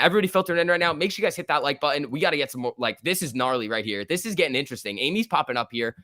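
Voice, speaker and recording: A young man hosting a casual stock-market livestream, talking excitedly, laughing often and reading chat messages aloud. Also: on the high side, dry recording, studio quality. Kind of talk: casual live-stream chat.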